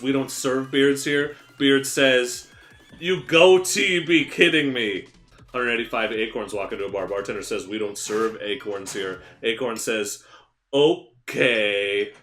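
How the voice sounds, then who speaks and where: Bright-voiced man riffing improv comedy. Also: medium pitch, roomy sound. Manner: rambling, deadpan storytelling with pun punchlines. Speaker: streamer.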